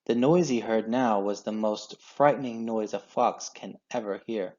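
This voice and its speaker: A man reading a children's storybook aloud in an expressive, measured way. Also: lowish voice. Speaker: children's book reader. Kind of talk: storybook read-aloud narration. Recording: dull lo-fi sound.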